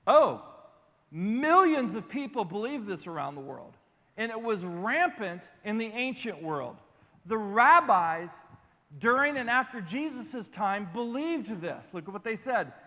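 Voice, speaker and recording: A male pastor giving an animated, conversational sermon that speaks straight to his listeners, with asides. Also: sits high, unhurried, in a large hall.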